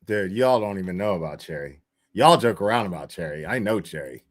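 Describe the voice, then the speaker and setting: A man's voice: low-pitched, lively intonation, fairly quick. A man hosting a livestream, chatting casually in profane, rambling, jokey rants. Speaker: livestream host.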